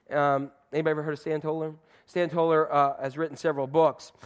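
A man's voice: on the high side, clear, resonant tone. A man preaching a sermon, telling a story in a loose, chatty way with fillers and restarts. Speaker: pastor.

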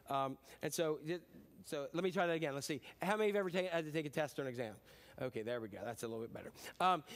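A middle-aged pastor preaches a conversational sermon, telling stories in a chatty, self-deprecating way full of fillers. His pitch is fairly high.

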